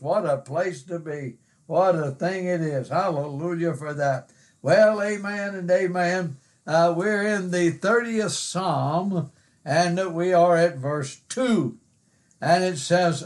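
An older man preaching a devotional Bible lesson, leaning hard on key words and pausing with frequent fillers. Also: fairly high pitch, steady tone. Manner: slow, drawn-out emphasis with many uh fillers.

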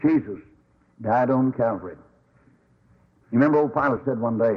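A man preaching a sermon, telling stories in an animated, folksy way and acting out the quotes. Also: mid-range voice, normal speed, long pauses, breathy edge, narrow, tinny audio.

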